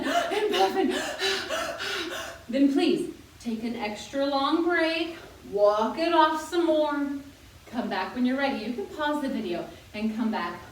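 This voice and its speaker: A woman's voice: high voice, a little hiss or hum. A young woman leading a senior workout class as a fitness instructor, chatty, joking and encouraging while she exercises along. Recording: very echoey room, voice from far off.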